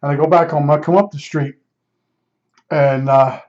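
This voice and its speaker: Older man, slightly higher voice, rambling blunt storyteller, dull lo-fi sound. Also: fairly even intonation, moderate pace, a little mellow. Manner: rambling, repeats himself, blunt and emphatic. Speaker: podcast storyteller. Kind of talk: casual spoken storytelling.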